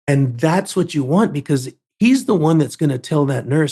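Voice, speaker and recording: Podcast guest, a man, emphatic storyteller with a mellow, husky tone. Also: on the high side, lively intonation, normal speed, hardly any pauses. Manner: emphatic, repeats words while building a point.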